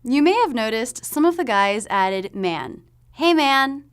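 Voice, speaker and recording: A woman's voice: on the high side, sing-song, a little hiss or hum. Woman teaching pronunciation. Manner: clear, demonstrates sounds slowly. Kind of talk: explanatory pronunciation lesson.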